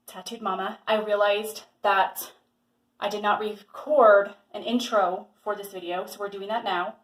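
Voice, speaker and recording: A woman's voice: mid-range voice, a bit bright. Chatty young woman vlogger, echoey room. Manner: chatty, rambling with fillers. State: slightly out of breath. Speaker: lifestyle vlogger. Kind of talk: casual vlog chat. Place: home.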